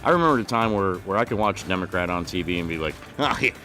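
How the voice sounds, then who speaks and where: A man's voice: low voice, animated, rapid-fire, sharp tone, soft background music. A man hosting a livestream, talking politics in a casual, profane and heated way. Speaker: livestream host.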